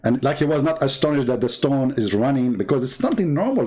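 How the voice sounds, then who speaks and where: A man's voice: mid-range voice, big pitch swings, fast, dark tone, breathy edge. A man who is not a native English speaker, hosting a commentary show in a mocking, sarcastic tone and broken English. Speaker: show host.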